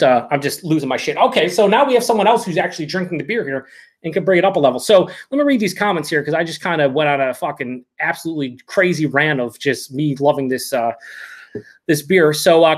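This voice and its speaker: A man hosting a live beer review, ranting excitedly with plenty of swearing and reading viewer comments aloud. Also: a little high. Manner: excited, profane and rambling. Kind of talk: casual live-stream rant.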